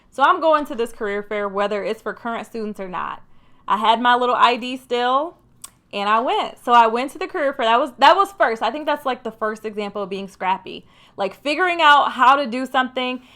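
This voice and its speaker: A young woman talks to camera in a relaxed vlog voice, chatty and animated. Her tone is bright and crisp, set a little high. She tells her story with loose fillers and a quick, friendly rhythm. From Michigan. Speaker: career vlogger.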